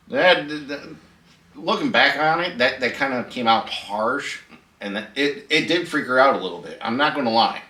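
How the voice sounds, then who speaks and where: Middle-aged man, easygoing vlog host, mid pitch, recorded on a camera mic at some distance. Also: moderate pace, sharp tone. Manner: laid-back, chatty, laughs at his own story. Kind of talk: casual storytelling vlog. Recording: echoey room, voice a bit off-mic.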